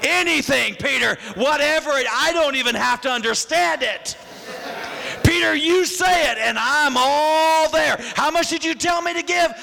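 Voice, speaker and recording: A man voicing an overeager churchgoer who gushes agreement and shouts. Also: extremely high pitch, normal speed, creaky, long reverb tail, pitched above the performer's own voice, exaggerated voice, low-quality recording. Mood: gushing. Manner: gushing, shouting.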